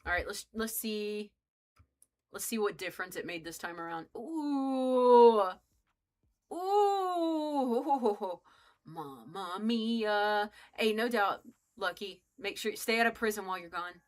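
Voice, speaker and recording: Young woman game streamer, bright and forceful tone, loose rambling chatter, cusses freely, talks straight to chat. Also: medium pitch, brisk. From United States. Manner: rambling, joking, swears freely, chats with viewers. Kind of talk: casual live-stream chat while playing.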